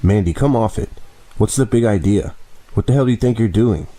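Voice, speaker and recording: A man's voice: lowish voice, brisk, dark tone, voice pushed up, natural voice. A man voicing a frightened teenage boy tied to a chair, pleading and straining his voice upward. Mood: desperate.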